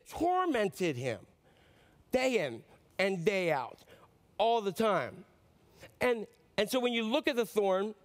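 A man preaching a sermon, earnest and pleading, swinging between loud emphasis and quiet low passages. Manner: earnest, pleading, rises and drops sharply for emphasis. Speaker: pastor.

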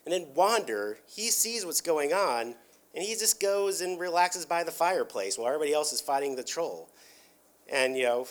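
Rambling man, slightly high voice. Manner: rambling, heavy on filler words and restarts. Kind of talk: casual retelling of a cartoon episode.

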